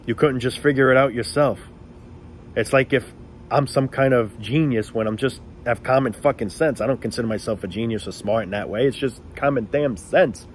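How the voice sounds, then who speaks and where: A man's voice: medium pitch, slight background noise. A man ranting casually to the camera in a blunt, profane, sarcastic way.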